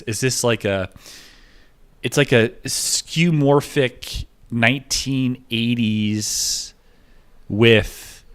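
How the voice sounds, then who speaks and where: A man's voice: mid-range voice, clean tone. A young man talking in a rambling, digressive monologue, jumping from topic to topic as he tells stories. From United States.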